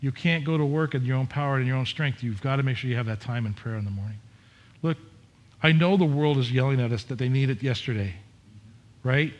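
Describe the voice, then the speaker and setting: A man's voice: mid-range voice, fairly quick. A middle-aged man preaching a sermon as pastor, candid and conversational, with frequent restarts and repetitions.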